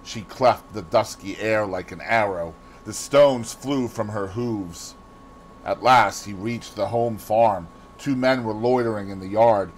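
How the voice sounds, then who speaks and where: A man with a Boston accent reading a classic novel aloud in expressive scripted narration. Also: on the low side, a little slow, slight background noise, rough recording. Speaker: audiobook reader.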